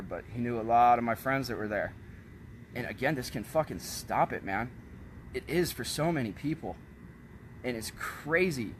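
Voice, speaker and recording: A man in a casual, blunt rant to camera, swearing often and turning loud when heated. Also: mid-range voice, slight background noise. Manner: profane, blunt, frequent swearing. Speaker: vlogger selling kratom.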